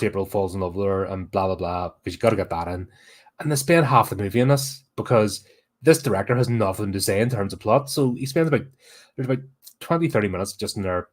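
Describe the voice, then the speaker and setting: A man hosting a horror podcast, giving a blunt, sweary and exasperated casual film review. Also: fairly low pitch.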